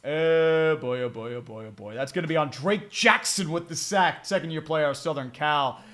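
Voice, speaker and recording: A man's voice: on the high side, moderate pace, a bit bright. A man streaming live commentary on a game as he watches. He rambles and groans, swears a lot and turns sarcastic when his team plays badly. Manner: exasperated, sarcastic, swears often; rambling, many fillers and repeated groans.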